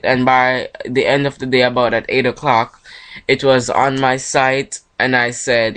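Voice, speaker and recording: A young man from Jamaica talks alone into his mic about his own music in a relaxed, chatty way. He rambles, backtracks and corrects himself as he goes. His voice sits at an ordinary pitch for a man. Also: unhurried, clear, resonant tone. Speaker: independent musician hosting his own podcast. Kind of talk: casual solo monologue.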